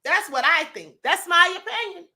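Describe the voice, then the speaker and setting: Sassy bright-voiced woman streamer. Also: extremely high pitch, lively intonation, normal speed. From Kentucky. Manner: sassy, emphatic, laughs often, calls listeners honey and beloved. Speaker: livestream host. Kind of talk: casual commentary, reading viewer comments.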